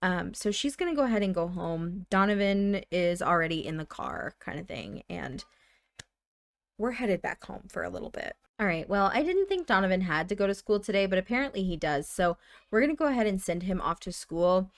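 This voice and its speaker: A woman's voice: medium pitch, sing-song, brisk, creaky, dry recording. A woman hosting a let's play, narrating her game in a chatty way with dramatic exclamations. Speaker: gaming channel host.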